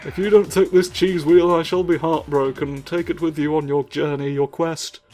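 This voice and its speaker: A man's voice: fairly high pitch, fairly even intonation, moderate pace, a little mellow, natural voice. Bloke doing a northern english guy begging someone to take his cheese, all theatrical, music faint in the back. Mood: pleading. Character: gushing cheese-offering northern man, eager, overjoyed.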